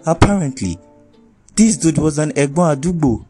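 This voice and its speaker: A young man with a Nigerian accent telling a wild personal story in a lively, profane way, dropping into Pidgin and Yoruba. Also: on the high side, normal speed, husky, soft background music. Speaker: vlogger. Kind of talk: casual storytelling.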